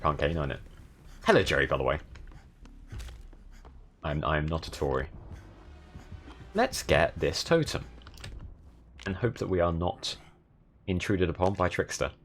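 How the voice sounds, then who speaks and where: Man, southern English accent, low voice, game streamer, chatty commentary, faint room hum. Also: big pitch swings, unhurried, pauses often, a bit bright. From south of England. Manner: chatty, thanking viewers while playing. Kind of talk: live gameplay commentary.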